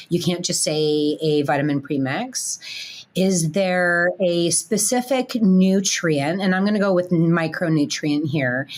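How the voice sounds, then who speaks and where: A woman from Canada hosts an interview, asking questions in an easygoing, friendly manner. Her voice is somewhat low for a woman, and she pauses now and then with casual fillers. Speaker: podcast host.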